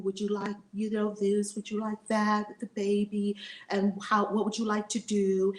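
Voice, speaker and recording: A middle-aged spiritual teacher gives an impassioned talk, emphatic and repetitive, alternating loud declarations with hushed asides while casually swearing. Her voice is mid-range and the sound is roomy.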